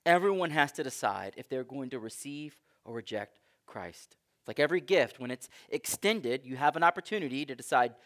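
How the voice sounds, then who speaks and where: A man's voice: mid-range voice, animated, fairly quick, hardly any pauses, a bit bright. A man preaching a sermon in a conversational, emphatic way. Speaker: pastor.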